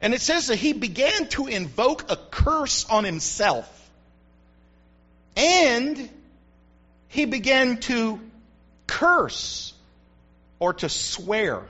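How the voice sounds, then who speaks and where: A man preaching a sermon, telling the story with animated swings between loud and hushed delivery, on a dull lo-fi recording. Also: extremely high pitch, drawn-out words, pauses often.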